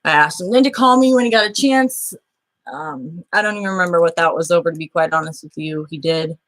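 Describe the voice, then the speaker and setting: A woman's voice: fairly low pitch, brisk, a bit bright. A woman hosting her own show, recounting a dispute by reading old messages aloud, blunt, aggrieved and swearing freely. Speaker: show host.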